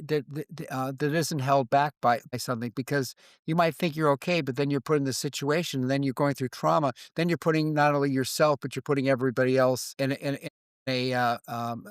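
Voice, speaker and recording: A man in his seventies, a veteran guest in an interview conversation, speaking in a reflective, halting way and acting out quoted exchanges. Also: on the high side, no room sound.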